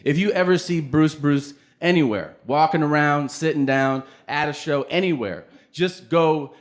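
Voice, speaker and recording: A man's voice: fairly high pitch, moderate pace, hardly any pauses, in a large hall, crowd noise, noisy background. A male stand-up comedian on stage with a handheld mic, telling a profane story and acting out the dialogue. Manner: animated, profane, acts out dialogue.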